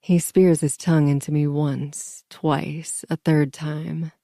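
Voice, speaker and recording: A woman's voice: sits low, flat delivery, takes it slowly, warm tone, no echo, clean studio sound. A woman narrating a first-person audiobook in an intimate, murmuring manner.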